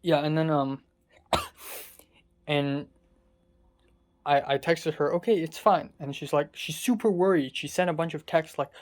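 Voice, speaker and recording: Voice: mid-range voice, unhurried, pauses often. Exasperated young adult venting a story. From Hong Kong. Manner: venting, exasperated, swears often. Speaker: vlogger. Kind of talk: casual storytelling monologue.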